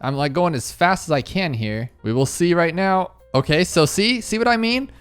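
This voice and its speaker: A man giving excitable commentary to his viewers while playing a video game. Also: a little high, moderate pace, smooth, soft background music. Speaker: gaming YouTuber.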